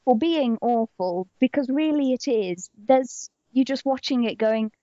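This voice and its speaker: A young woman co-hosts a casual podcast, bouncing through stories and throwing in goofy voices for the people she quotes. Her voice sits a little high, and the recording is dry and lo-fi. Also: a little slow, no echo. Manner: animated storyteller, acts out quotes in silly voices. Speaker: podcast co-host. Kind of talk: casual chat. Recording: dull lo-fi podcast audio.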